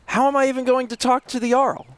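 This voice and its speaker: A man streaming a game live, with excitable, rambling commentary and frequent yelps and laughs. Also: extremely high pitch, quick pace, clear, resonant tone.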